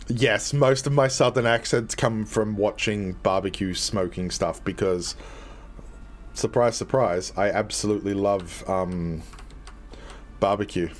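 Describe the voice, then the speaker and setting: Slow, earnest game-dev streamer, man. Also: on the low side. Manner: earnest and halting, full of restarts. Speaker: game developer hosting a community stream. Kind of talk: live stream chat while playing.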